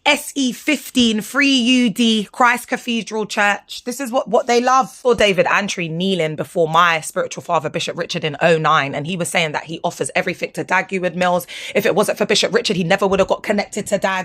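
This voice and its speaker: Indignant, animated woman. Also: brisk. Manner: animated, indignant, slangy, swings between low asides and high exclamations. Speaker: vlogger speaking out about her former church. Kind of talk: commentary over photos, talking to viewers.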